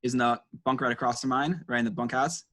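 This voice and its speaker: A man's voice: mid-range voice, fairly even intonation, quick pace, fairly bright tone. A young man speaking as a guest in a casual interview, answering in a thoughtful way with many fillers.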